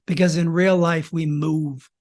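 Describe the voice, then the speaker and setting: A man hosting a podcast as a storytelling coach, teaching in a theatrical way with dramatic pauses and shifts in tempo and volume. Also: fairly high pitch, level tone, a little mellow.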